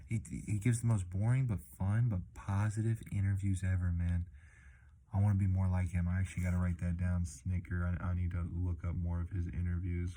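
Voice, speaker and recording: Laid-back low-voiced man, casual vlog. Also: completely flat delivery, fairly quick, dark tone, a little hiss or hum. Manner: laid-back, swears a lot, says "man" and "dude" often. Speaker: delivery driver vlogger.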